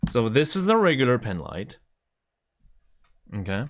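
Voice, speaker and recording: A man's voice: mid-range voice, sing-song, measured pace, slight background noise. A man chatting casually on a live stream, enthusiastically showing items to the camera.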